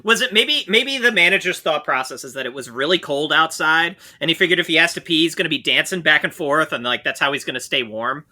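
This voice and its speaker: A man's voice: fairly high pitch, fast, few pauses, pushed and bright. A man co-hosting a podcast, adding wry, teasing jokes in casual chat. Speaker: podcast co-host.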